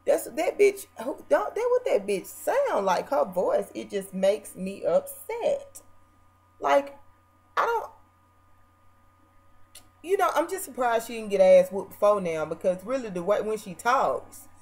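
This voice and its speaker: A woman with a mid-range voice rants to her camera in a brash, mocking, foul-mouthed way. She turns theatrical, jumping from loud outbursts to low, muttered asides. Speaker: vlogger. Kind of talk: casual reality-TV rant.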